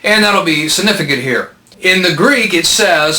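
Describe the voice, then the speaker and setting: A man gives a methodical Bible lesson, working patiently through grammar and posing questions to his listeners. His voice sits a little high and sounds bright and forceful. The recording carries a clear echo from the room. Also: expressive, moderate pace. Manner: methodical, patient, explains step by step with rhetorical questions. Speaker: Bible teacher. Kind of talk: explanatory lecture.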